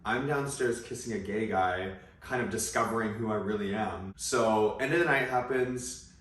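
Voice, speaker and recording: A man's voice: lowish voice, moderate pace, a bit bright, far from the mic. A young man telling a personal story in a casual, chatty way full of asides. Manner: chatty, many likes and asides. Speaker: vlogger. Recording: roomy echo, away from mic.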